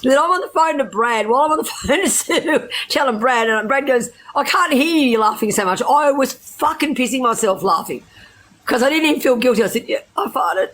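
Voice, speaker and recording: A woman's voice: high-pitched, expressive, a little fast, fairly bright tone, slight background noise, poor audio. A middle-aged Australian woman telling stories to her live viewers in a blunt, laughing way, swearing freely. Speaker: livestreamer. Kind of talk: casual storytelling to live viewers.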